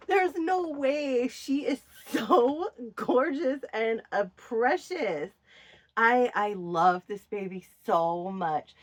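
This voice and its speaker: A woman, chatting casually and gushing over her collection. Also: a little high. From Minnesota. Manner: gushing, doting, with drawn-out praise. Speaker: doll collector vlogger. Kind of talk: casual chat to viewers.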